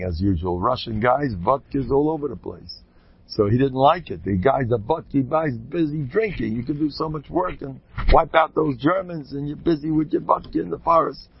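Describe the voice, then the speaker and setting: Husky gravelly guy rambling jokey stories, lots of restarts, dull dry recording. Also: mid-range voice. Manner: digressive, joking, many restarts. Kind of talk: rambling anecdotal talk with jokes.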